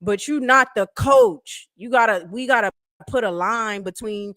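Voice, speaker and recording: A woman co-hosting a casual live sports talk stream, animated and teasing, laughing often. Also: a little high, unhurried, dry recording, clean studio sound. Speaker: sports talk show co-host.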